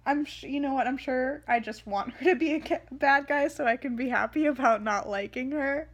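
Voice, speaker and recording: A young woman giving casual commentary on a book she is reading, rambling and excitable with many fillers. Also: sits high, normal speed. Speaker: reader and commentator.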